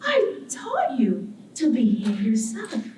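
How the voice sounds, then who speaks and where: A woman's voice: a little high, wildly swooping pitch, slow pace, darkish tone, a little hiss or hum, heavily acted. A woman voicing her home island as a graceful, condescending woman who scolds her. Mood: scolding. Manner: scolding and haughty. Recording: roomy hall, distant mic.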